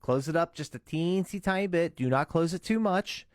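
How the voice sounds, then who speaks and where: A man's voice: a little high, normal speed, no echo, clean studio sound. A man giving a casual step-by-step tutorial, earnest and cautious in how he explains. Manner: earnest, cautious, breaks into demo screams and whispers. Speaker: vocal tutorial maker.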